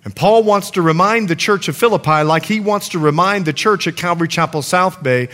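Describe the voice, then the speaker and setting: A man preaching a sermon to his church, telling stories and reading scripture with emphatic, animated delivery. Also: a little fast, few pauses. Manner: animated storytelling preacher, emphatic swings in pitch. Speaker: pastor.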